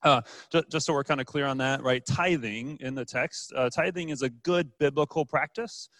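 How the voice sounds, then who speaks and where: A man's voice: mid-range voice, normal speed, fairly bright tone, dry recording. Chatty male pastor preaching a sermon. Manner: informal, joking, frequent fillers and restarts. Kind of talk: conversational sermon.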